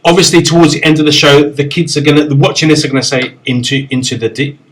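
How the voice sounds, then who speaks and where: A man hosting a show, bantering in a playful, quick way. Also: on the high side, fairly bright tone, low-quality recording. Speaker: host. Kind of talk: casual chat.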